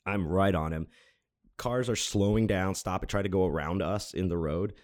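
A man's voice: deep voice, normal speed, a little mellow, no echo, clean studio sound. A man hosting his own show, telling a long personal story in a rambling, casual way, full of restarts and fillers and with some swearing. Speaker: podcast host.

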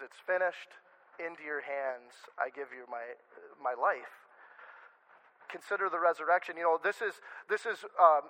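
A male pastor giving a sermon in a conversational, animated way, often restarting his sentences. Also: high-pitched, poor audio.

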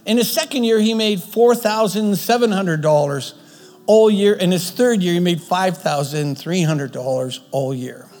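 A man's voice: sits high, moderate pace, darkish tone, long reverb tail, faint music behind. A man preaching a sermon, retelling a story earnestly, often restarting his phrases.

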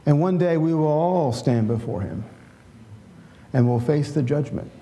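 A man's voice: on the high side, expressive, measured pace, mellow, a little hiss or hum. A middle-aged male pastor giving a conversational sermon, often checking in with "right?" and leading a prayer.

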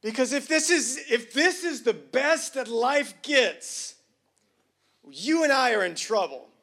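Lively high-voiced preacher man. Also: takes it slowly, breathy edge. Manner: emphatic, swings from hushed to loud and lively; casual slang, jokes with the congregation. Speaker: pastor. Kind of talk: sermon.

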